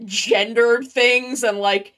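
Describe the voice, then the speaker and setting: A woman's voice: a little high, fairly even intonation, slow, fairly bright tone, soft background music. A woman hosting a live stream, rambling through casual chat with lots of fillers. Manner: rambling, filler-heavy, upbeat. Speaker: streamer host.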